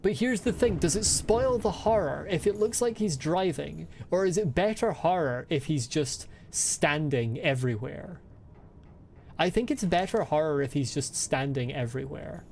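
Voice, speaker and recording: Gravelly, jokey woman streamer. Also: deep voice, lively intonation, normal speed, darkish tone, slight background noise. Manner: giggly, rambling, jokey asides to chat. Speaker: streamer playing a video game. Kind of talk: casual gaming commentary.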